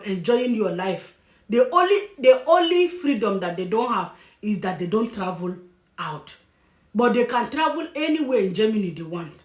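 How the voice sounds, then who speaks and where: A woman vlogger giving emphatic, scolding commentary, breaking off now and then to apologize for what she says. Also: mid-range voice. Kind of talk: opinionated commentary. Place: lives in Germany. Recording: echoey room.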